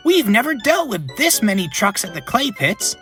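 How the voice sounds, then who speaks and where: A man doing a shrill squabbling engine twin. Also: sing-song, normal speed, pushed and bright, soft background music, heavily acted. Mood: indignant. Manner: huffy, argumentative. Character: young squabbling tank engine twin, male.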